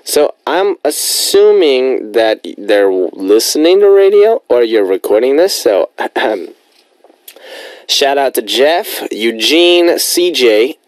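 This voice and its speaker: In a studio, a young man hosts a radio show, chatting casually and rambling playfully between listener messages. His voice sits fairly low, captured on a studio microphone with no room sound.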